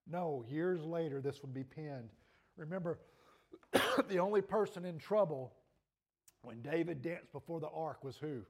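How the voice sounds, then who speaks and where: A man's voice: fairly high pitch, a little slow, husky. A male pastor preaching a sermon earnestly, his voice rising and falling in intensity, with a troubled throat.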